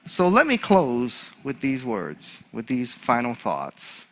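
A male chaplain preaching a sermon, an animated storyteller who laughs at his own story. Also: mid-range voice, slow pace.

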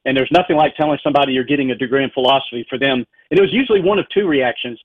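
A man's voice: medium pitch, very fast, no room sound. A man with a Southern US accent, a philosophy professor answering interview questions in a chatty, folksy way. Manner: chatty, folksy, laughs easily. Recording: tinny phone line.

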